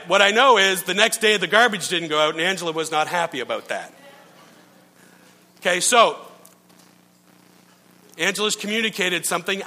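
A middle-aged male pastor preaching in a relaxed, conversational way, telling stories, poking fun at himself and often checking in with his listeners. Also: high-pitched. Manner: storytelling, checks in with listeners, self-mocking. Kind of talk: conversational sermon. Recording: long reverb from a large hall.

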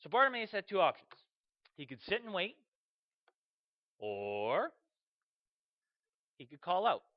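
A man delivers a sermon with a high, bright-leaning voice that swings widely in pitch. He tells the story in an animated way, slipping into acted-out voices and bursts of shouting. The recording sounds dull and lo-fi. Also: a little slow. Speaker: preacher.

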